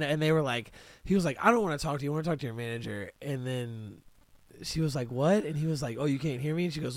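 A man's voice: mid-range voice, fast talker, dry recording. A man, co-hosting a podcast in casual chat, telling stories laid-back and swearing often while acting out quotes. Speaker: podcast co-host.

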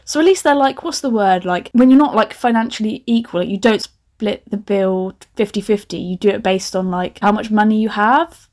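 A woman's voice: mid-range voice, moderate pace, darkish tone. A young woman reads her own old story aloud and mocks it in a chatty way, laughing often. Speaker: podcast host. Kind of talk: reading old writing aloud with comic commentary.

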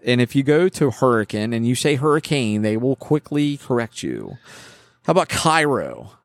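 A man's voice: mid-range voice, wildly swooping pitch, normal speed, gravelly, no room sound. A man co-hosting a casual podcast, chatty and joking, rambling with restarts. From West Virginia. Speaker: podcast co-host. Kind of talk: casual chat.

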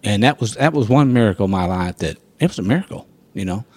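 A man telling a personal faith testimony in a folksy, animated storytelling manner. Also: on the low side, fast, no room sound. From rural farming background. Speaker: guest sharing testimony.

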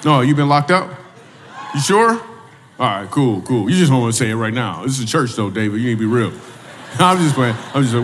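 With a medium pitch and a slightly bright edge, this animated comedian talks a little fast while doing crowd work, teasing people and asking his questions twice. Slight background noise mixes with the echo of the church hall, recorded from afar.

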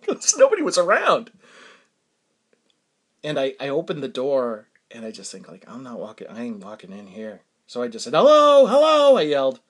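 Man, new england accent, casual storytelling, lively up-and-down pitch, chuckles a lot. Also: normal speed, pauses often, slightly rough. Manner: rambling, self-amused, chuckles often, drops to a mutter for asides. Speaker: podcast host.

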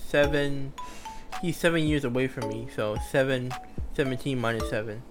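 A laid-back teenage boy chats on a casual podcast, goofy and a little mumbly. His voice is at an average pitch for a man, with music clearly audible behind him. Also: fairly even intonation, moderate pace. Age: teens. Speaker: podcast co-host. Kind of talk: casual chat.

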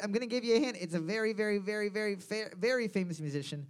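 A young man with a high, bright-sounding voice runs a bar trivia night. He reads questions aloud and cracks crude, playful jokes between them. The sound carries a bit of room from the bar. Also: quick pace, hardly any pauses. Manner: playful, crude, jokey asides. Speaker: trivia host. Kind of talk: joking bar trivia hosting.

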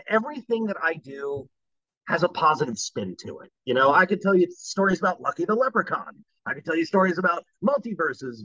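Lively, bright-voiced man telling stories. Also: fairly high pitch, no echo, muffled recording. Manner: animated, jokey storyteller. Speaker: voice actor guest. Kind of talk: anecdotal interview talk.

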